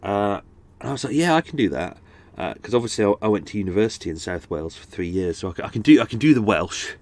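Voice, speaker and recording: A man talks in a loose, waffly way, doubling back and restarting his sentences as he goes. His voice sits on the low side and sounds a little stuffed up. He is close on a microphone in a dry, dead space aboard a houseboat. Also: lively intonation, fast talker, darkish tone, no room sound. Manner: waffly, chatty, self-deprecating, lots of restarts. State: blocked-up nose. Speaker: podcast host. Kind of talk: casual rambling chat. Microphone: close studio microphone.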